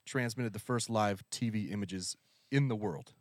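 A man hosting a podcast in casual chat, lively and laughing as he reads out trivia. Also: lowish voice, moderate pace, no echo. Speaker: podcast host.

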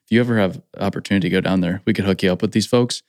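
A man's voice: low-pitched, very fast, a little mellow, no room sound, clean studio sound. A man hosting a casual conversation, enthusiastic and upbeat, often saying "like".

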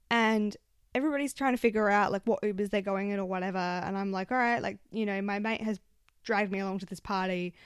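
A woman's voice: medium pitch, smooth, dry recording, studio quality. A woman, telling stories in a casual, chatty way, swearing often and filling with "like", into a handheld mic. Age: 20s. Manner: chatty, swears a lot, lots of fillers. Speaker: vlogger. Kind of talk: casual storytelling. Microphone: handheld microphone.

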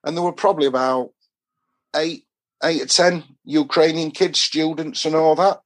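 A man's voice: on the high side, steady tone, moderate pace. A middle-aged man with a Yorkshire accent, rambling through travel anecdotes in a casual podcast chat. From Doncaster, England. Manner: rambling anecdotes with dialect phrasing. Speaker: podcast guest.

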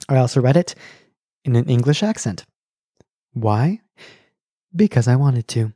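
A man's voice: mid-range voice, animated, unhurried, long pauses, dark tone, slightly rough, no room sound, clean studio sound. A man with an American accent hosting a podcast in a playful, jokey way, full of puns. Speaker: podcast host.

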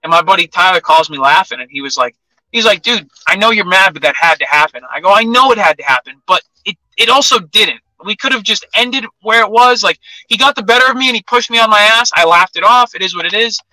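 A man's voice: high-pitched, fast, dry recording, low-quality recording. A young man, an MMA fighter, telling a sparring story in a casual interview, acting out what people said. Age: young adult. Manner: animated anecdote-telling, acts out quotes.

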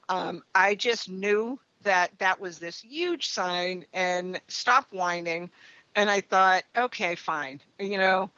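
A middle-aged woman, a trance medium, telling stories in a relaxed interview and often tagging her sentences with "right?" and "you know". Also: mid-range voice, dry recording, dull audio. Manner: chatty, leans on "right?" and "you know" tags. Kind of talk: conversational interview storytelling.

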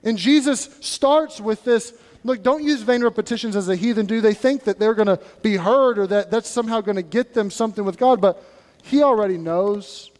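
A male pastor with a notably high voice preaches in a lively, conversational way, breaking into acted asides. His words carry a long reverb through the church sanctuary. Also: normal speed. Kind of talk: sermon.

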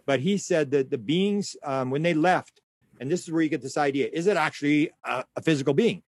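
A middle-aged man, a guest in an interview, telling stories in a rambling, animated way and acting out the voices of the people he quotes. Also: a little high, a little fast, dry recording, studio quality. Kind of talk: conversational storytelling.

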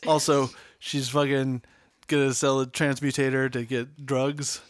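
A podcast co-host in casual chat, trading quick jokes and wisecracks while recapping a show. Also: medium pitch, flat delivery, no echo. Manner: wisecracking, jokey asides and quick voices.

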